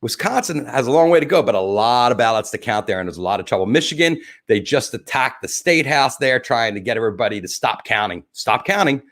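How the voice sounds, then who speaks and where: Animated rambling male stream host. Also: mid-range voice, brisk, few pauses. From New Jersey. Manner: rambling, profane, jokey, thinks aloud over numbers. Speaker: livestream host. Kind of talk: casual election commentary.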